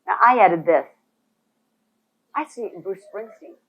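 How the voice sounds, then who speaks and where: A woman's voice: medium pitch, measured pace, husky. A woman leading a real estate boot camp presentation, emphatic and talking straight to the people in the room. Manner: animated, emphatic, addresses audience directly. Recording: phone-like thin sound.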